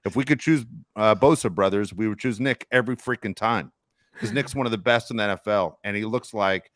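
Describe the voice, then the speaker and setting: A middle-aged man hosting a sports podcast, telling stories in casual, animated chat. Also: fairly low pitch, fairly quick, no echo, clean studio sound. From Los Angeles area. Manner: storytelling, animated, swears casually. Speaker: podcast host.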